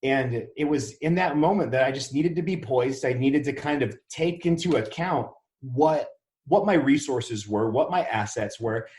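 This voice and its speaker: With a medium-pitched, darkish voice at normal speed, a man from Wisconsin recounts his story as a podcast guest in Dallas, Texas. He's a real estate investor who performs the dialogue he quotes during the casual interview, recorded with a roomy echo.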